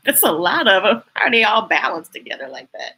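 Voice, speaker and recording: A woman's voice: mid-range voice, sing-song, normal speed, bright, forceful tone, slightly rough. A woman reading picture books aloud to young children, laughing often and chatting with her listeners between pages. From United States. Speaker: children's storytime reader.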